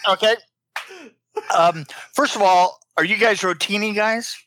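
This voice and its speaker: A man co-hosting a casual podcast chat, teasing with mock outrage and breaking into loud laughs. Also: sits high, unhurried, no echo.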